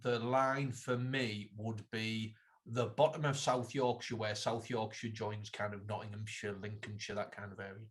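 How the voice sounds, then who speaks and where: A man's voice: fairly low pitch, little pitch movement, moderate pace. Man teasing his co-host. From Teesside, North East England. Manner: teasing, dry, reads listener questions. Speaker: podcast co-host. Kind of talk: casual chat.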